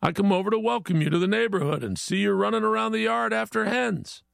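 A man voicing a blunt, exasperated neighbor bloke in a spoken joke, complaining loudly. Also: high voice, fast, gravelly, no room sound, studio quality, pitched above the performer's own voice, full character voice. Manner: loud, incredulous complaining.

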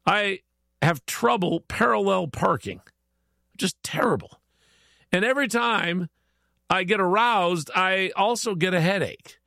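A man putting on a squeaky excited golfer. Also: unhurried, gravelly, no echo, clean studio sound, full character voice. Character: eager middle-aged male golfer, boastful.

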